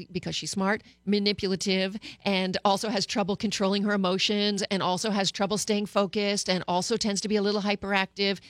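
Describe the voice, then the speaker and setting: A woman's voice: mid-range voice, dry recording. Candid middle-aged woman radio host. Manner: candid, personal, with frequent hesitations. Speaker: radio talk show host and psychologist. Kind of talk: talk radio monologue. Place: radio studio.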